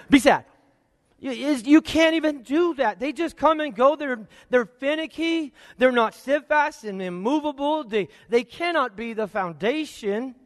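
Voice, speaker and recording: Male pastor, sermon, very high voice, rhetorical questions, long hall reverb. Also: animated, unhurried, few pauses, clean studio sound. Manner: preaching with rhetorical questions, varying pace and loudness. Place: church sanctuary.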